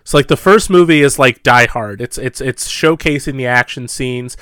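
A man's voice: mid-range voice, moderate pace, a bit bright, clear, resonant tone, no echo, studio quality. A young man co-hosting a podcast, chatting casually about movies with lots of fillers and asides. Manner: chatty, rambling movie talk with frequent fillers. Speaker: podcast co-host.

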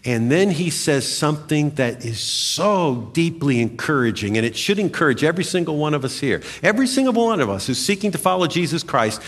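Lively, slow-paced male preacher in a reverberant hall. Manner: animated, emphatic preaching with dramatic pitch swings. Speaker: pastor. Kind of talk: sermon.

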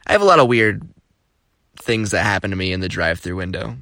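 A young man from Florida hosting a podcast, telling casual stories in an animated, jokey, exclamatory way. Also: sits low, fast, no room sound, studio quality. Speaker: podcast host. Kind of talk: casual storytelling.

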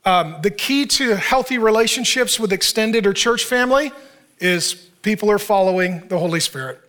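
A pastor from Arizona, United States preaches a loose, conversational sermon in a church, drawing the congregation in with questions and dry humor. His high voice has a bright edge and moves at a moderate pace.

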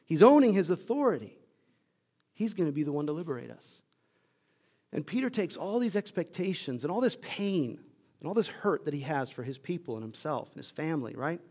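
A man pastor giving a conversational sermon, telling the story in an animated way. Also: a little high, fairly quick.

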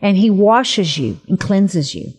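A woman's voice: medium pitch, sing-song, slow pace, darkish tone, husky. Earnest woman leading a prayer on air. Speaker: co-host of a Christian radio talk show. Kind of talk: faith talk with a spoken prayer.

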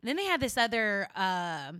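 A woman's voice: medium pitch, big pitch swings, normal speed, bright, forceful tone, smooth, no room sound, studio quality. A woman co-hosting a podcast, chatting casually and giggling, with many fillers. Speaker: podcast co-host. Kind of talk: casual chat.

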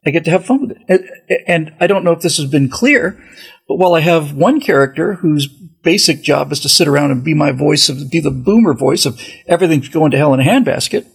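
A man's voice: a little high, expressive, brisk, rough recording. A man hosting a podcast in a casual, rambling monologue, often restarting his sentences. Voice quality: very gravelly, raspy voice. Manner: rambling, with many restarts and asides. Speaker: podcast host.

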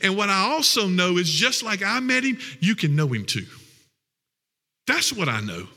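A man's voice: high voice, big pitch swings, moderate pace, pushed and bright, in a large hall. A man preaching a sermon in a folksy, emotional, conversational way.

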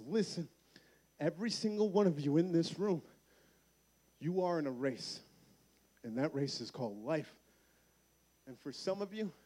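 High-voiced, animated young man preaching. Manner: animated storyteller acting out the people in his story; drops to a soft, earnest tone for the closing appeal. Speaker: camp speaker. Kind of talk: sermon-style storytelling to students. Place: large room with an audience.

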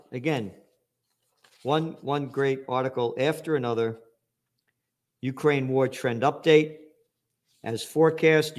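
Picture a man hosting his own show, ranting about the news in a voice that is neither high nor low. He is angry and profane, and every so often he breaks into shouting. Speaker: show host. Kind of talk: ranting commentary.

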